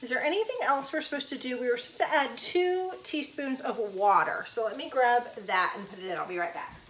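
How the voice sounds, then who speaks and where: A chatty woman talks viewers through a home cooking vlog, pitched a little high. Her voice is picked up from a distance, and her kitchen sounds echoey around her. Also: expressive, brisk, a bit bright, a little hiss or hum. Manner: chatty, folksy, addresses viewers as y'all. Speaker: cooking vlogger.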